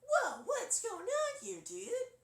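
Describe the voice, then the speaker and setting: A man voicing a young male surfer-dude turtle in a high, excitable voice full of slang. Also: slow, gravelly, roomy sound, exaggerated voice. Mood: excited.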